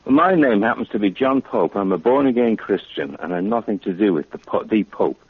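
A man's voice: on the low side, animated, a little fast, breathy edge, no echo. Indignant man on a phone line. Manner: indignant, puzzled. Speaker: prank call target. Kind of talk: phone conversation.

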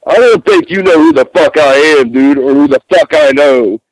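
A man's voice: medium pitch, moderate pace, darkish tone, no room sound, rough recording. A man on the receiving end of a prank call who turns angry and threatening.

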